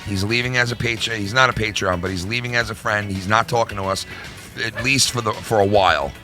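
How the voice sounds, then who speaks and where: With faint music playing behind him, a middle-aged man vents on his own channel in a vlog rant full of profanity and repetition. His voice is on the low side and bright, with a steady, forceful tone and a fairly quick pace.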